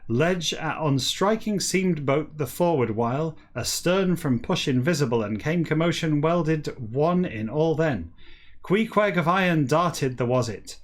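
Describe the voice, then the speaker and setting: A man hosting a comic show, reading a text backwards in a deadpan voice and breaking off for dry, self-mocking asides. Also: fairly high pitch, measured pace. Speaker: host reading a novel backwards.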